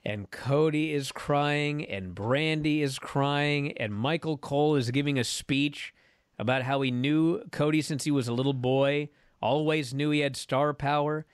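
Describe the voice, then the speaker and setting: Dude on a podcast retelling a wrestling show, kinda high voice, super dry close mic. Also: male voice, a little slow, clear, resonant tone, no echo. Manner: animated storytelling, acting out quotes. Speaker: podcast co-host. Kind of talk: casual wrestling recap chat.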